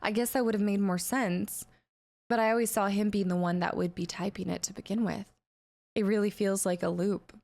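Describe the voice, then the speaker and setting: A woman's voice: medium pitch, steady tone, fairly quick, darkish tone. A woman playing a video game and thinking aloud about its story in casual let's play commentary. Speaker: gamer streaming a playthrough.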